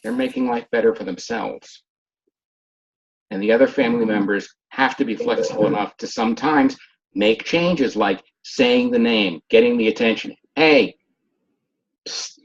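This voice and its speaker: A man's voice: mid-range voice, moderate pace. A man who works with hearing-aid patients gives an informal lecture and acts out patients and their families as he talks. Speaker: hearing specialist teaching a class. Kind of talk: informal lecture with acted examples. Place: online video session. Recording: dull muffled video-call audio.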